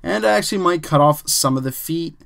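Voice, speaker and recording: A man's voice: a little high, a little fast, vocal fry. A man casually teaching a photo editing technique step by step, thinking aloud with fillers and the odd "bam". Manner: relaxed, chatty, says "bam" and "um", thinks aloud while working. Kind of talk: casual screen-recorded tutorial.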